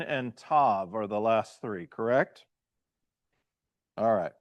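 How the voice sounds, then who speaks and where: A man's voice: fairly low pitch, slow pace, no room sound. A pastor teaching a beginners' language class, quizzing his students and checking in with "right?" and "okay?" as he goes. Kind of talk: classroom lesson.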